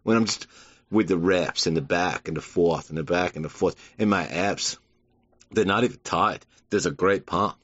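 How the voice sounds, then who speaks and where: Repetitive boastful bodybuilder, a man doing the bit, low and dry, muffled recording. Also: moderate pace, fairly bright tone, breathy edge, no room sound. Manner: repetitive, boastful, humble-bragging. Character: boastful bodybuilder impression, tireless, humble-bragging. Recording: dull lo-fi.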